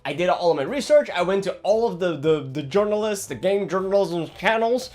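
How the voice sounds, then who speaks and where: A young man from Brazil, chatting casually about a video game in an animated, rambling, jokey way. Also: high-pitched, fairly quick. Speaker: gaming vlogger.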